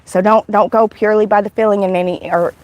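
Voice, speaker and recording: A woman's voice: mid-range voice, fairly even intonation, fast, darkish tone, no echo, lo-fi sound. A woman hosting a livestream, telling a spiritual testimony in an emotional, rambling way, full of restarts. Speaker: livestream host.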